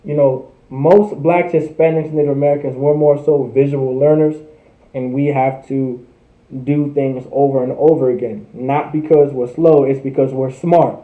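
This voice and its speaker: A man's voice: medium pitch, steady tone, moderate pace. A man teaching a live-streamed language class, repeating words and checking in with "right?" again and again. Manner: repetitive, checks in with "right?" constantly. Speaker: class instructor. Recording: tinny phone-like echoey stream.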